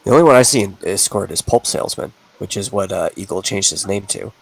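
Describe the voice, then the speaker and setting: A man's voice: low voice, animated, fast talker, vocal fry, breathy edge, no echo, poor audio. A man co-hosting a casual livestream, answering in a dry, matter-of-fact way. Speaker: co-host.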